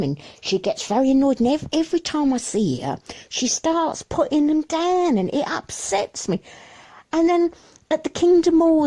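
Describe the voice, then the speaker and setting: Woman, high lively voice, confessional monologue, rambling and worried. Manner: rambling, worried, repeats herself and restarts. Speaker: mother sharing her troubles.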